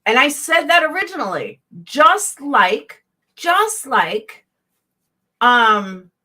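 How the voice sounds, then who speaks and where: In a high, very animated voice with a sharp tone, she speaks slowly with a Southern accent. The YouTube host is ranting to her live chat in heated, blunt, profane casual commentary.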